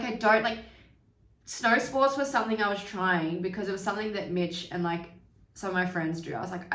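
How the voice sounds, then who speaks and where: Recorded in a roomy space away from the mic, this medium-pitched young woman hosts a podcast. She shares a personal story openly and conversationally, cursing without restraint and performing the voices of those she quotes.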